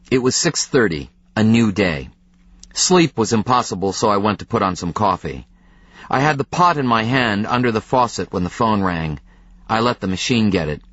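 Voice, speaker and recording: A man giving measured, tense first-person audiobook narration. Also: fairly low pitch, fairly bright tone, no echo, dull audio.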